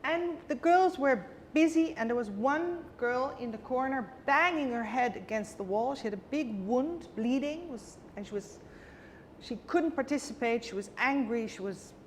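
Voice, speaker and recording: A woman guest telling a personal story vividly and emotionally in a conversation, acting out the dialogue. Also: fairly high pitch. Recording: long reverb with faint background noise.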